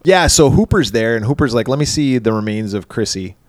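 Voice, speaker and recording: A man's voice: mid-range voice, expressive, a little fast, darkish tone, dry recording. A man co-hosting a podcast, animatedly retelling movie scenes in casual chat, acting out lines and laughing often. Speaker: podcast co-host.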